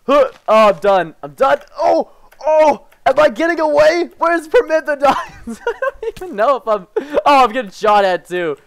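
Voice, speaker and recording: Excitable and high-pitched, this man comments on gameplay as a gaming YouTuber, veering from quiet asides to loud yelps.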